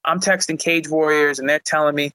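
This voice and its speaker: A young man telling a long story as a guest in casual chat, animated, full of "like" fillers and swearing. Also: a little high, brisk, dry recording, rough recording. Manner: animated, frequent "like" fillers, profane. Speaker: guest, fighter.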